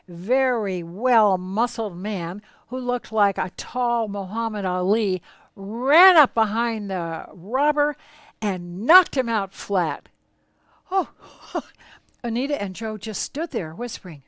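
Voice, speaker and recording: A woman's voice: mid-range voice, slow, clean tone, no room sound. Dramatic woman storyteller, dry close sound. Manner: lively, dramatic storytelling with shifts in loudness. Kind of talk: spiritual storytelling talk.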